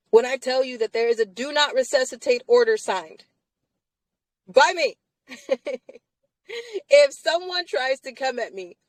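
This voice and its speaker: A woman's voice: fairly high pitch, dry recording, rough recording. A woman hosting a casual live chat from inside a car, talking emphatically and laughing often between phrases.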